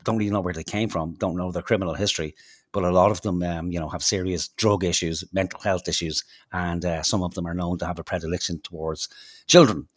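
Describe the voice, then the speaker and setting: An Irish podcast co-host with a low voice goes on a heated, foul-mouthed political rant, sarcastic and mocking in tone. He talks fast with fairly even intonation, and the recording is dry and close, with almost no room sound and no echo.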